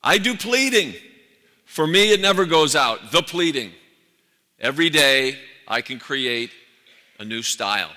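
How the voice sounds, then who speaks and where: A man voicing a proud elderly male factory owner with a New York accent, his voice pushed higher and more emphatic than his plain speech. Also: lively intonation, unhurried, pauses often, pushed and bright, in a large hall.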